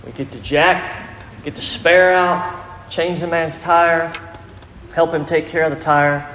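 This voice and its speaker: A middle-aged man preaching a sermon, telling a story with animated delivery and acted quotes. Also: a little high, takes it slowly, a little hiss or hum. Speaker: pastor. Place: large church hall. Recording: echoey hall, faint ambience.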